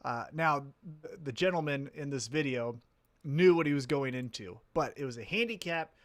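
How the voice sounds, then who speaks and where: A man co-hosting a wrestling podcast in casual chat, animated, swearing freely and laughing often. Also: medium pitch, moderate pace. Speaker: podcast co-host.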